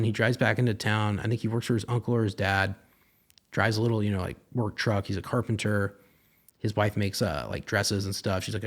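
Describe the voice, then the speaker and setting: A young man hosting a podcast, casually retelling a film's plot in a rambling way, acting out the characters' lines and swearing now and then. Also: mid-range voice. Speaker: podcast host. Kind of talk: casual film review monologue.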